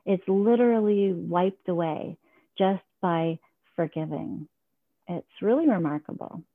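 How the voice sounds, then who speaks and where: A woman's voice: lowish voice, a little slow, dry recording. A woman guest telling a personal story in an earnest, reflective, heartfelt way. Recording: tinny phone-line sound, dry.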